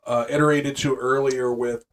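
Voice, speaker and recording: A man co-hosting a podcast in casual chat, relaxed, reading quotes aloud with hesitant fillers. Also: medium pitch, normal speed, a crowd in the background. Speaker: podcast co-host.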